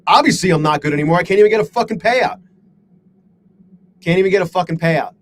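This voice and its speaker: A man's voice: high-pitched, quick pace, slight background noise, poor audio. A man live-streaming his day trading, talking to his chat in a frustrated, self-deprecating way and swearing a lot.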